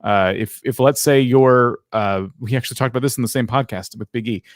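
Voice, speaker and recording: A man's voice: medium pitch, brisk, no room sound, studio quality. Easygoing man giving practical advice. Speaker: co-host. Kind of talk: live Q&A chat.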